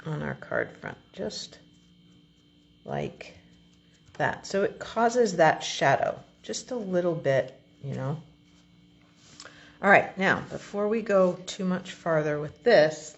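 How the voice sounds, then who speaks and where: A woman with a low, gravelly voice talks slowly through a card-making tutorial, explaining each step as she goes. She speaks in a relaxed, chatty way. The recording is a little dull, with a faint hiss behind her. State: has the hiccups. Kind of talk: crafting tutorial.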